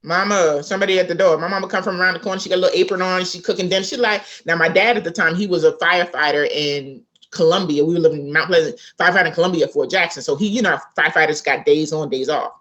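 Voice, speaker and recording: A woman's voice: on the low side, fast, few pauses. A woman author from South Carolina, telling a family story in a casual interview and acting out the people in it. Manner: animated storyteller, acts out quoted voices. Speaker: author guest.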